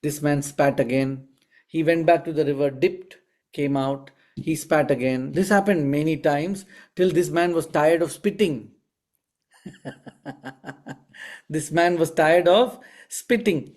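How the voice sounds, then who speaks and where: A man giving a spiritual healing teaching. He tells stories in an animated way and often puts rhetorical questions to his listeners. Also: fairly high pitch, takes it slowly. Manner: asks the audience frequent rhetorical questions; animated storyteller. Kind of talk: teaching talk with storytelling.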